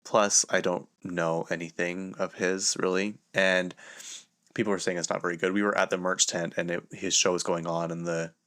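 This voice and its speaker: A young man with a low voice tells a loose, chatty story for his podcast. He keeps stopping mid-sentence and circling back, with plenty of "like" along the way. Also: level tone, moderate pace, fairly bright tone. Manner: rambling, filler-heavy, self-interrupting. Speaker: podcast host. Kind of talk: casual storytelling monologue.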